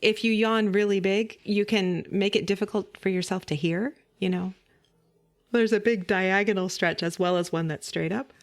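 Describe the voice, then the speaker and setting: A woman voice teacher gently guiding listeners through a vocal warm-up, giving calm step-by-step instructions with light laughs. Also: medium pitch, moderate pace. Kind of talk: guided vocal warm-up lesson.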